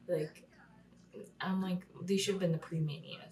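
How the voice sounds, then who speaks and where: A woman's voice: mid-range voice, moderate pace, a little mellow, recorded from a distance, a little hiss or hum, poor audio. A young woman talking through a casual vlog recap, chatty with lots of "like", often dropping to a whisper and swearing. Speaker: wrestling vlogger.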